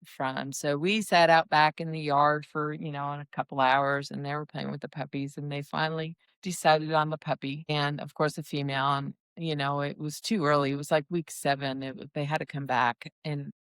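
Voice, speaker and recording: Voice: mid-range voice, level tone, moderate pace, hardly any pauses, fairly bright tone, clear, resonant tone, no room sound. A dog breeder telling stories in a casual, rambling chat full of asides. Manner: chatty and rambling, with many restarts and asides.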